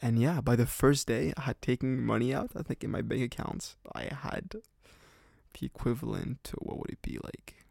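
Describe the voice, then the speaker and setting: A man's voice: mid-range voice, moderate pace, creaky, darkish tone, no room sound, studio quality. A young man from Canada telling a casual story on a podcast, rambling with lots of "like" fillers and frequent laughs. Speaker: podcast host.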